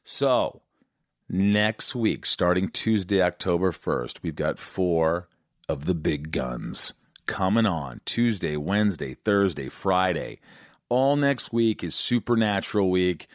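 A man's voice: sits low, animated, slow pace, no room sound, studio quality. A man hosting a podcast, reading an upbeat, promotional show introduction. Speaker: podcast host.

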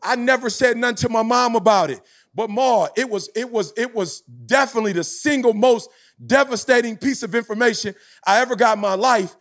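A motivational speaker in his forties, this man has a very high voice and talks a little fast in a passionate podcast talk. He's emphatic, with a preacher-like cadence that climbs into shouting.

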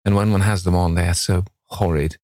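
A man's voice: sits low, fairly even intonation, a little fast, warm tone, dry recording, clean studio sound, natural voice. A man voicing an earnest, devoted Victorian painter who speaks in an anxious, imploring way.

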